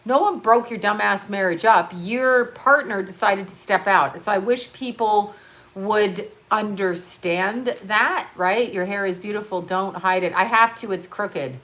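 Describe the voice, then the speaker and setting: A woman's voice: medium pitch, a little slow, a bit bright. Female live-stream host, loose tangents, cusses freely, laughs mid-sentence. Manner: rambling, profane, jumps between topics; laughs often while talking. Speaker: livestream host. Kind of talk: casual live-stream chat. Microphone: on-camera mic.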